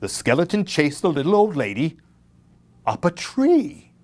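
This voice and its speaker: A male children's librarian reads a Halloween story aloud, slow and deliberate, stretching out words. His slightly high, somewhat mellow voice swings hugely in pitch, rising and falling dramatically from line to line.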